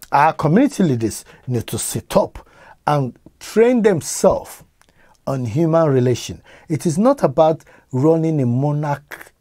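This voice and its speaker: Earnest Nigerian-British man, mellow higher voice, dry close sound; emphatic live-stream interview guest. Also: no echo. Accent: Nigerian-British English. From England. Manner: earnest, emphatic, repeats words when starting. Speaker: interview guest, community organizer.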